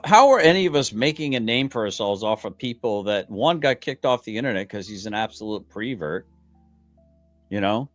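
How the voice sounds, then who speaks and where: A man's voice: medium pitch, no room sound. A man on a livestream, sarcastic and heated, stammering at times and swearing casually. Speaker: livestream commentator.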